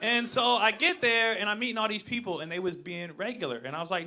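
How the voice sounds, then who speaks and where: High-voiced man doing loud stand-up. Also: fast. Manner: loud, animated storytelling with acted-out voices. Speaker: stand-up comedian. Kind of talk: live stand-up set. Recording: live club crowd and noise.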